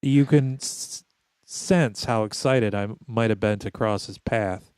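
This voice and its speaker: A man's voice: lowish voice, takes it slowly, darkish tone, clean tone, dry recording. A man in his thirties telling a story with sarcastic asides in a casual podcast chat. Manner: wry, sarcastic storyteller, mimics people he meets. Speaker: podcast co-host.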